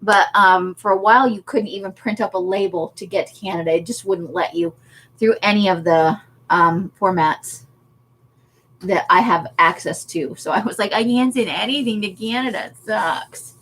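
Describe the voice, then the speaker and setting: A woman's voice: on the low side, moderate pace, fairly bright tone. A woman chatting casually on a craft livestream, laughing often as she answers viewer comments. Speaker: livestream host.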